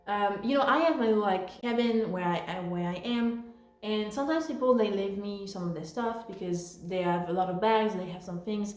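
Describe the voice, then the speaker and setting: A woman's voice: mid-range voice, normal speed, darkish tone, soft background music. Chatty woman in an echoey room. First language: French. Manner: rambling, full of fillers and self-corrections. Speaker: vlogger telling work stories. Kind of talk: casual storytelling.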